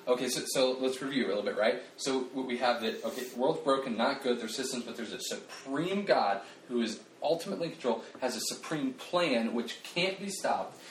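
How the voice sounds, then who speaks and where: A man preaching a casual sermon, animated and conversational, joking at his own expense and restarting his sentences often. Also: medium pitch, a little hiss or hum. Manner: animated, conversational, self-deprecating, with frequent restarts and fillers. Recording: roomy, distant mic, faint ambience.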